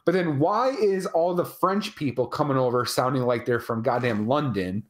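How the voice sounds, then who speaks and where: A podcast co-host in casual live chat, rambling and animated, swearing freely over a remote call mic. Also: mid-range voice, moderate pace.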